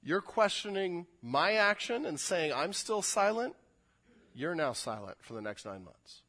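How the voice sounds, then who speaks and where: A man delivering a sermon as pastor, animated and emphatic. His voice sits a little high for a man. He builds energy toward strong emphatic moments. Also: measured pace.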